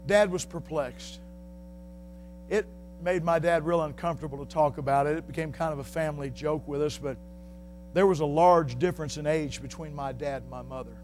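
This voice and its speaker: Male preacher, middle-aged, high voice, fiery sermon delivery, faint hum behind. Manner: fiery shouting preaching, then quiet storytelling.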